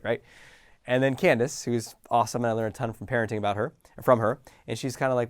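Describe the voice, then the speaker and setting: A middle-aged man coaching listeners in a casual, animated talk, acting out small scenes with sighs and laughs. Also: medium pitch, fast, dry recording, clean studio sound. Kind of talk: motivational talk to camera.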